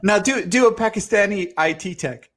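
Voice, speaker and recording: A man's voice: high voice, normal speed, crowd noise. A man co-hosting a podcast in easygoing, teasing casual chat. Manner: laughs often, easygoing, teasing. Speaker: podcast co-host.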